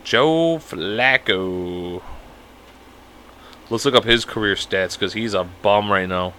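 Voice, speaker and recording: A man's voice: on the low side, slow pace, sharp tone, slight background noise. A young man co-hosting a podcast in casual chat, rambling and profane with lots of fillers. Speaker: podcast co-host.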